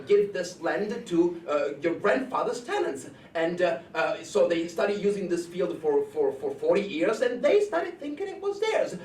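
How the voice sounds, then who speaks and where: A man playing an agitated hypochondriac suitor. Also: sits high. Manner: excitable, complaining of pains, shouting. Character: hypochondriac young landowner suitor, touchy. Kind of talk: amateur stage play. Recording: roomy, distant mic with faint noise.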